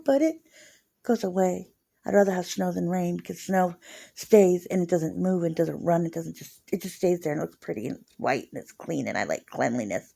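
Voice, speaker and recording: A woman's voice: on the low side, normal speed, creaky, dark tone. A woman in her forties rambling emotionally through a casual vlog monologue. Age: 40s.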